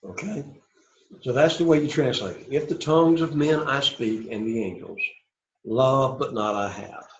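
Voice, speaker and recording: A man's voice: medium pitch, moderate pace. Man teaching Greek in an echoey classroom. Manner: repeats phrases, checks in with "right?" and "okay?". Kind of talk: classroom lecture. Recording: roomy classroom, dull lo-fi sound.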